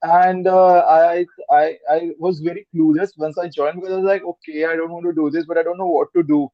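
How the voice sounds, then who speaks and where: A man's voice: a little high, flat delivery, a little fast, no room sound, highs cut off. A man with an Indian English accent, chatting as a podcast guest, rambling and repeating words, slipping into Hindi. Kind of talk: casual interview chat.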